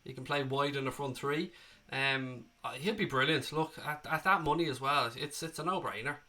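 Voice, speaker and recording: Here a man with an Irish accent and a cold runs a casual live stream, responding to viewers in the chat with plenty of swearing and calls of mate. He speaks at a moderate pace in a mid-range voice, bright and forceful in tone.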